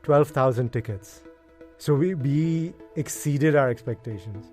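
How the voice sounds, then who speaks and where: A middle-aged man, a guest in an interview, telling his story in a casual, animated and emotional way. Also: medium pitch, unhurried, soft background music. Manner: animated, emotional, acts out past dialogue. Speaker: guest, event co-founder.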